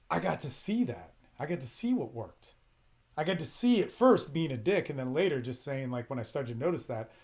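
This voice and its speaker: A man's voice: medium pitch, a little mellow. A man hosting an advice podcast, talking bluntly in a rambling, profane, emphatic way. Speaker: podcast host giving relationship advice. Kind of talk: casual advice monologue.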